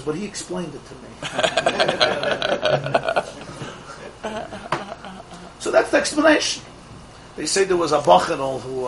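A man teaching a Torah class to a live group of students, an animated storyteller who fires off rhetorical questions and laughs at his own jokes. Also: fairly high pitch, noisy background. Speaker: religious teacher.

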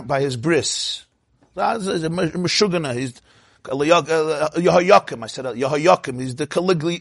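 Man, rabbi giving a Torah class; higher voice, dry close sound, animated and questioning. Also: vocal fry, breathy edge, no room sound. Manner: animated, asks the audience "huh?" and acts out quotes.

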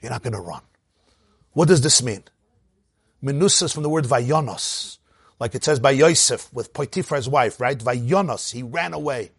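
A man giving a Torah lecture, animated, swinging between loud emphatic bursts and quiet low asides. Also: normal speed, slightly rough, dry recording, clean studio sound. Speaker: rabbi teaching a class.

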